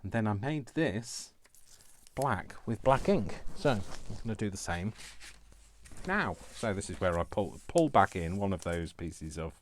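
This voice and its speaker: A man's voice: fairly low pitch, sing-song, a little slow, a little hiss or hum. A middle-aged man hosting a casual crafting tutorial, rambling and mocking himself with chuckles.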